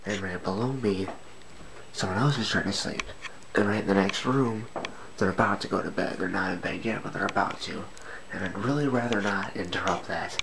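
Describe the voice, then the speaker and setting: A man vlogging late at night at home, keeping his voice hushed and half-whispered so he won't wake the people sleeping nearby. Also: low-pitched, moderate pace, vocal fry, noisy background. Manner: hushed, half-whispered to avoid waking others. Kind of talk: quiet late-night vlog talk.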